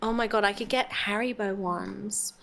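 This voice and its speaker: A woman's voice: mid-range voice, fairly even intonation, normal speed, creaky, fairly bright tone. An Australian woman chatting casually as a guest, giggly and full of "like" fillers. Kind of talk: casual chat.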